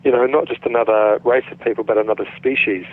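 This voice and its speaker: Speaking fast at a medium pitch, this middle-aged actor from New Zealand, with his country's accent, spins stories in a laid-back interview, often restarting mid-thought. The audio carries no room sound but comes through tinny, like a phone line.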